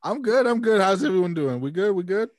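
A man co-hosting a podcast, chatting casually with a lively, teasing manner and frequent laughter. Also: sits high, fast talker. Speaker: podcast co-host. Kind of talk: casual chat.

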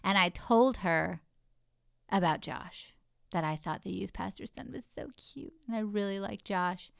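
A woman in casual conversation, telling a story in an animated, expressive way. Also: medium pitch, unhurried, creaky, dry recording, clean studio sound. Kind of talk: casual chat.

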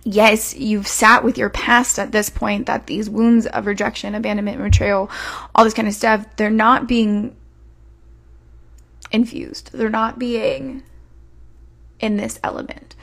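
A woman's voice: mid-range voice, flat delivery, a little slow, vocal fry, a bit bright. A woman hosting a podcast as a relationship coach, talking in a casual, emphatic way and acting out quoted voices.

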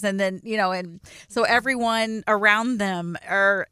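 Middle-aged woman podcast host, confessional and chatty; bright, clean voice, dry close mic. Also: mid-range voice, unhurried, smooth, dry recording. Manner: candid, confessional storytelling with quoted self-talk. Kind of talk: casual chat.

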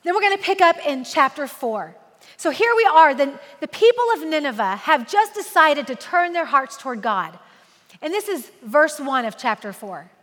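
A woman in her forties preaching a sermon, lively and joking, slowing down to read scripture aloud solemnly. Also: high-pitched, in a large hall. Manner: animated and humorous, slow solemn scripture reading. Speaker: women's ministry speaker.

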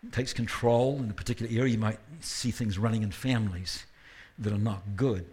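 A man preaching a sermon in a church service with a husky, slightly breathy voice. He keeps a conversational tone, tosses in self-deprecating asides, and lifts his voice to stress a point. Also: fairly low pitch, fairly even intonation, brisk, darkish tone. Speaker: guest preacher.

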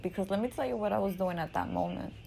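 A woman casually telling a story in an animated, profane, slangy way, often laughing. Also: mid-range voice, fast, creaky, poor audio. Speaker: storyteller recounting a game.

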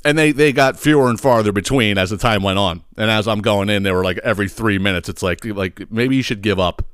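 A man's voice: on the low side, fairly quick, fairly bright tone, clear, resonant tone, no room sound, clean studio sound. A man hosting a podcast, ranting comically in a profane, exasperated way. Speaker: podcast host. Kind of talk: comedic rant.

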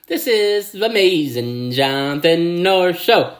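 A man hosting his own football picks show, excitable, with catchphrases and mouth sound effects. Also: high voice, slow pace, few pauses. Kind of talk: casual sports picks video.

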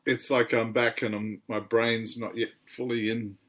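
An Australian man co-hosting a podcast in casual chat, halting, with many fillers and restarts. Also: medium pitch, flat delivery, a bit bright, slight background noise. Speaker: podcast co-host.

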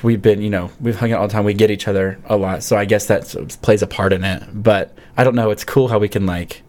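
Excitable young guy, laughing, lots of likes. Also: on the low side. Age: young adult. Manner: excitable, laughs often, full of "like" fillers. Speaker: student actor, guest. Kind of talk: casual interview chat. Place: radio studio.

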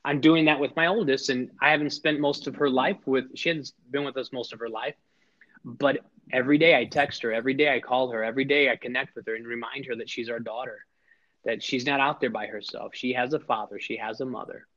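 On a slightly dull lo-fi recording, a middle-aged man guesting on a podcast shares personal stories in a brisk, steady, mid-range voice with a fairly bright tone. The heartfelt storytelling is earnest and emphatic, marked by frequent restarts and words repeated at the start of sentences.

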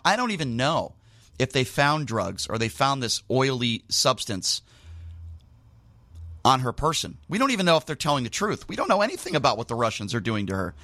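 Middle-aged male sports talk host, bright forceful voice, dry close sound, animated and indignant. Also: mid-range voice, no room sound. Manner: animated storyteller, rising to indignant outbursts. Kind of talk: casual sports radio monologue.

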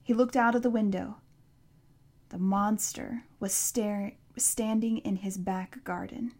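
A woman narrating an audiobook in a hushed voice that drops to a whisper in tense passages. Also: medium pitch, fairly even intonation, slow.

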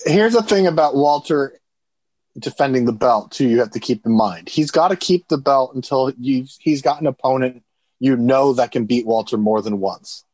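A man's voice: medium pitch, normal speed, darkish tone, no echo. A man co-hosting a casual podcast, giving blunt, opinionated takes. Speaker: podcast co-host. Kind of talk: casual wrestling opinion chat.

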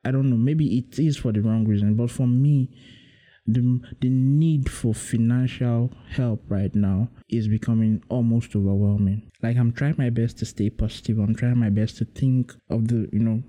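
A man's voice: mid-range voice, dark tone. A man, hosting his own podcast in a rambling, musing solo monologue that leans heavily on "you know". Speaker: podcast host.

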